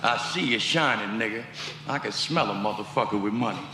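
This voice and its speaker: A man's voice: on the low side, a little fast, roomy sound, long reverb tail, noisy background, pitched below the performer's own voice, close to an everyday voice. A man voicing a blunt, profane man who can tell someone is hiding their cash. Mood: scoffing. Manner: gruff, profane, calling a bluff.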